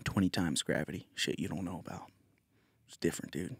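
A man's voice: sits low, fairly even intonation, quick pace, slightly rough, no echo. A man from Virginia hosting a comedy podcast in a crude, rambling, boastful monologue. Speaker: podcast host.

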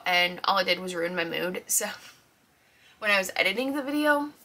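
A woman's voice: mid-range voice, vocal fry, sharp tone. A woman chatting casually in a vlog about her week and her reading, talking in a rambling way with lots of fillers while congested and with a scratchy throat. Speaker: book vlogger.

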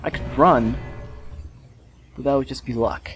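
A man hosting a let's play, commenting live on gameplay with excitable, frustrated outbursts and swearing. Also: medium pitch, measured pace, soft background music.

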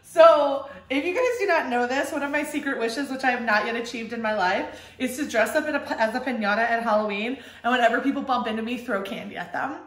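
A woman's voice: a little high, fast, few pauses, fairly bright tone, roomy sound. A young woman with a Texan accent, chatting through a casual unboxing vlog, giggling often and swearing casually. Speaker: vlogger.

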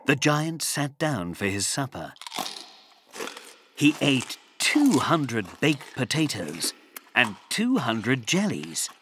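A man narrating a children's storybook in an expressive, sing-song reading voice. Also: medium pitch, takes it slowly, background noise.

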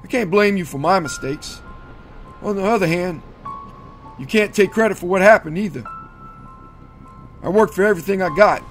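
A man's voice: high-pitched, normal speed, pauses often, faint music behind. A man doing a weary, sick old man. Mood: defiant.

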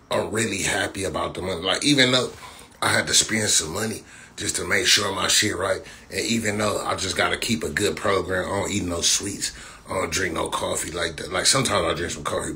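A man's voice: low voice, gravelly, pushed and bright, slight background noise. A man from Compton, hosting a casual livestream and trash-talking in a rambling, repetitive way. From Compton, California. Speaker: livestream host.

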